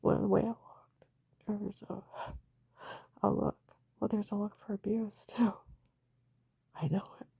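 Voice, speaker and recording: A woman's voice: mid-range voice, flat delivery, a little slow, vocal fry, long pauses, mellow, slightly rough, dry recording. A woman speaking in a rambling, emotional personal monologue, often dropping into a whisper.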